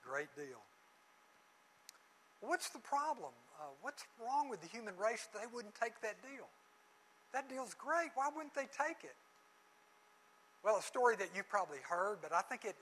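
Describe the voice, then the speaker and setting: A middle-aged man teaching a Bible lesson, telling lively stories with voices and jokes, closing in prayer. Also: high voice, normal speed, poor audio.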